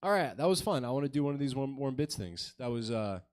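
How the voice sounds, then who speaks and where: Rambling self-mocking young comedian. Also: male voice, medium pitch, lively intonation, fast, a little mellow, clear, resonant tone. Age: 20s. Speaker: stand-up comedian. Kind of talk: stand-up comedy set. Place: comedy club stage with live audience.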